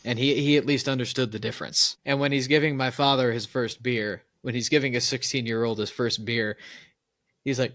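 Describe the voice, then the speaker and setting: A man's voice: medium pitch, fairly even intonation, fairly quick, a bit bright, no room sound. Opinionated man telling stories, dry mic. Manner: opinionated storyteller, laughs at his own stories. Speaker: podcast co-host. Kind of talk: casual podcast chat.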